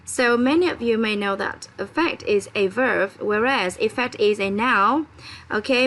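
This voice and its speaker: English teacher woman, higher voice. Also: fairly bright tone, low-quality recording. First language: Vietnamese. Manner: spells words letter by letter, frequent "okay?" checks. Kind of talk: vocabulary lesson.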